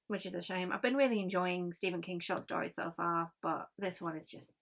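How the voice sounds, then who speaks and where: A woman's voice: fairly low pitch, brisk, fairly bright tone. Woman, casual book review, rambling, lots of ums, blunt complaints. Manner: chatty and rambling, many ums, frank grumbling.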